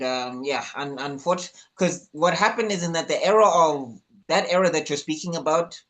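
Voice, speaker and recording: A man's voice: mid-range voice, fairly bright tone. A man co-hosting a casual movie podcast, arguing his point in a thoughtful, hesitant way with many ums. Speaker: podcast co-host.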